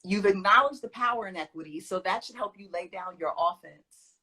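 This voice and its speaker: Emphatic woman teaching, bright husky voice. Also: mid-range voice, brisk, low-quality recording. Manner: emphatic, animated, laughs often. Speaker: guest speaker. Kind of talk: conversational teaching.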